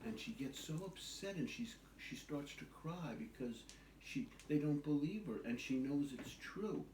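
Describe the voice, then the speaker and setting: An older man, a grandfather, telling a children's story at home in a gentle, patient way. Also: fairly high pitch, lively intonation, unhurried. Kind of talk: bedtime storytelling. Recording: echoey, distant, noisy home recording.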